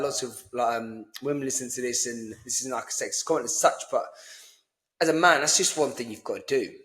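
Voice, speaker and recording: A young man talks boxing mindset in a loose, blunt way and swears now and then. His voice sits at an ordinary middle pitch for a man. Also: fairly bright tone. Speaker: boxing coach and podcast host. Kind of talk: casual motivational chat.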